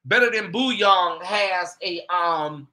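Chatty, bright-voiced man gossiping. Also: high-pitched, slow pace. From United States. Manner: chatty, gossipy, animated asides to viewers. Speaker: host. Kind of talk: casual commentary to viewers.

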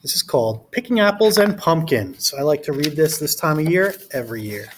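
Lively man reading aloud to children. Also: a little high, fairly quick, hardly any pauses, a little hiss or hum. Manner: lively storybook reading with character voices; gentle, instructive, talking directly to children. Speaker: teacher. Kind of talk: read-aloud lesson for children.

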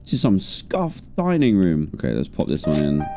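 Man, game streamer, animated pitch, jokey, talks to himself. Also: moderate pace, soft background music. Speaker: gaming streamer. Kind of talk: live gameplay commentary.

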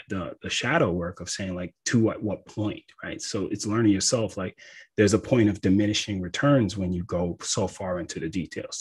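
A man with a low, slightly husky voice talks through his subject in relaxed conversational teaching style. He is animated and keeps checking in with the listener. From United States. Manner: conversational, animated, often says "right?". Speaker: astrologer. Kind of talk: casual teaching talk.

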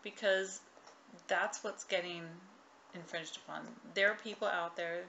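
Bright-toned low woman, lo-fi chat. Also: fairly even intonation, creaky. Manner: emphatic, quick to agree and chime in. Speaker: co-host. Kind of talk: casual conversational chat. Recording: lo-fi recording with faint noise.

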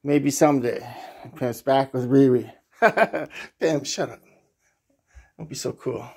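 A man's voice: mid-range voice, animated, takes it slowly, darkish tone, husky. Crude man baby-talking to his pets. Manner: crude, baby talk, speaks of himself in third person. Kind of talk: casual rambling talk to pets.

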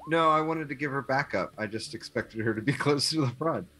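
A man's voice: mid-range voice, brisk, pushed and bright. Matter-of-fact man at a game table. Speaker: player. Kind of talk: casual tabletop play.

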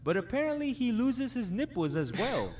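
A man hosts a reaction video and reads his lines with playful, joking humor. His voice sits high and swings widely in pitch. He sounds somewhat distant from the microphone. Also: sing-song, moderate pace, darkish tone. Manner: playful, jokey narration. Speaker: reaction channel host.

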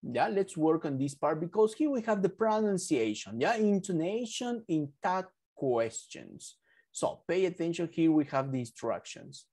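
A man's voice: on the high side, lively intonation, a little slow, mellow. A man whose first language is Spanish, teaching an English lesson and switching between English and Spanish as he explains. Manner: explains patiently, mixes in Spanish, corrects himself.

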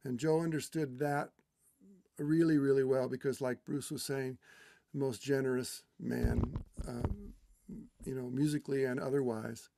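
A middle-aged man from California remembering his mentor at a memorial, talking haltingly with many restarts and trailing off softly. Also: medium pitch, steady tone, creaky. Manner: halting, with many restarts and fillers, growing quiet and tender. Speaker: guest speaker at a memorial. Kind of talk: heartfelt personal remembrance.

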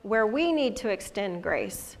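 A woman's voice: mid-range voice, sing-song, a little slow. A woman leading a church discussion, asking guiding questions and telling personal stories. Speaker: discussion leader. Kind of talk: conversational church teaching.

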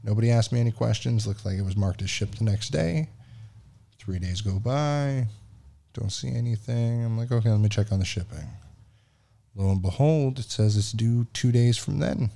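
A podcast host casually tells a story, frustrated and swearing, acting out other people's lines in dialogue. His mid-range voice is gravelly yet mellow, at normal speed.

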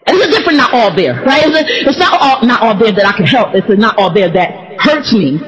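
A woman telling a personal story in a testimony style, laughing often and talking in an animated, emotional way. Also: a little high, fast talker. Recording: dull echoey hall sound.

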